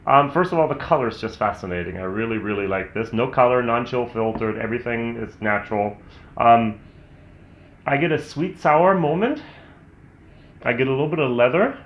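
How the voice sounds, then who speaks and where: A man's voice: medium pitch, moderate pace. An American man hosting a casual whisky tasting review, chatty and candid, thinking aloud as he tastes. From United States. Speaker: whisky reviewer, channel host. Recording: roomy, slightly dull sound.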